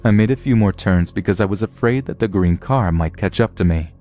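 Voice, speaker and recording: A man's voice: lowish voice, brisk, warm tone, soft background music. A man narrating a true horror story in a blunt, profane telling.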